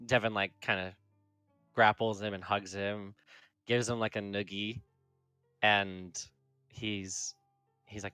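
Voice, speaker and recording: A man narrating a tabletop game as game master, rambling with lots of fillers and slipping into quick character quotes. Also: lowish voice, fairly even intonation, sharp tone, clear, resonant tone, dry recording, faint music behind. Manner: rambling, full of fillers like "like" and "kinda".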